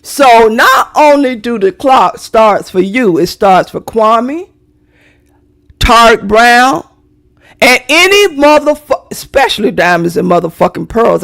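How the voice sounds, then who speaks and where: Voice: mid-range voice, vocal fry, fairly bright tone. A middle-aged vlogger ranting to viewers in a brash, profane, theatrical way, straight into a phone or webcam.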